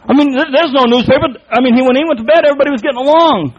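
A man preaching a sermon, explaining a Bible passage in an emphatic, folksy way with repeated words and quick restarts. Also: very high-pitched, lo-fi sound.

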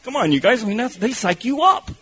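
A man preaching a sermon, telling animated stories with shouted bursts and laughter, his voice husky. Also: very high voice, quick pace, rough recording.

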